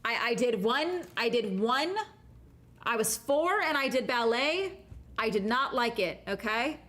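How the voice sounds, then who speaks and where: A woman's voice: a little high, expressive, measured pace, a bit bright. A young woman vlogger chatting casually, rambling and giggling with many fillers. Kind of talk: casual chat. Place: at home after a cruise.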